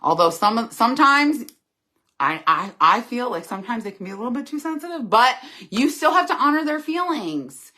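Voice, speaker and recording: A woman's voice: fairly high pitch, very animated, normal speed, bright, forceful tone. A middle-aged woman hosting a casual live chat, reading viewers' comments aloud and answering them earnestly and candidly.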